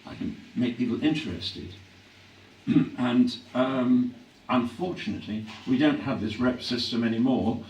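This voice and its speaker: Older man, hoarse, echoey distant hall. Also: medium pitch, unhurried, darkish tone. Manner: reflective, anecdotal, with frequent throat-clearing. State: voice growing hoarse. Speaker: actor being interviewed. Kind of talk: on-stage interview before a live audience. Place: hall at a public event.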